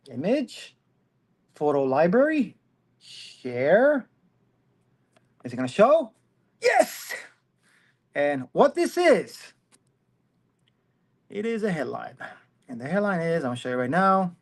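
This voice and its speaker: A middle-aged man hosting a casual commentary livestream from his phone, rambling and self-mocking, laughing often. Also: a little high. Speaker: host.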